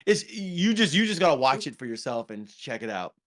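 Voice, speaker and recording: With a medium-pitched, slightly bright voice, big pitch swings, and a brisk pace, a man co-hosts a podcast about movies. The conversation is casual and rambling, full of ums and restarts.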